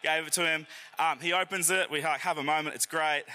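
Young man, bright, upbeat church talk. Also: on the high side, fairly even intonation, brisk, a little hiss or hum. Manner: casual, joking, talks straight to the congregation. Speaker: youth and worship team volunteer speaking at church. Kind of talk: sermon.

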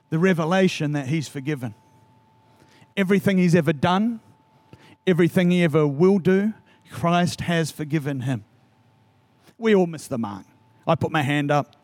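A man's voice: fairly high pitch, darkish tone, dry recording. A man preaching a sermon as a pastor, urging his listeners earnestly and repeating key phrases, then leading a prayer.

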